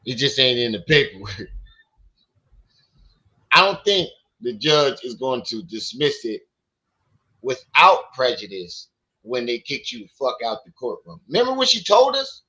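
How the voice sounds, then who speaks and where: A man's voice: medium pitch, very animated, a little slow, pauses often, pushed and bright, muffled recording. A man hosting a livestream, telling profane stories in casual chat and acting out what other people said. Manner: profane, storytelling, acts out quotes. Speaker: livestream host.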